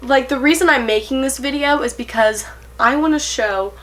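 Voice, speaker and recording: Earnest, bright-voiced eighteen-year-old woman. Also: high-pitched, normal speed. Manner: earnest, nervous, rambling with fillers and self-corrections; giggly, self-conscious laughs. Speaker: vlogger. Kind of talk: casual to-camera vlog.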